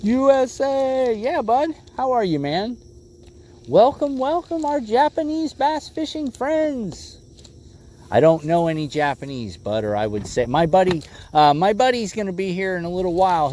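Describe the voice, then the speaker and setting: Animated laid-back fishing livestreamer, man. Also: on the high side, normal speed, hardly any pauses. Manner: laid-back, says "bro" and "bud" a lot. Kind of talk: casual livestream chat while fishing. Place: outdoors on a boat on a lake.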